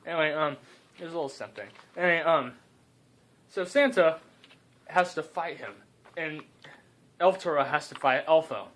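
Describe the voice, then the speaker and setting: A man's voice: fairly high pitch, normal speed, long pauses, fairly bright tone. A young man improvising a comedic story, rambling and cutting in with joking asides.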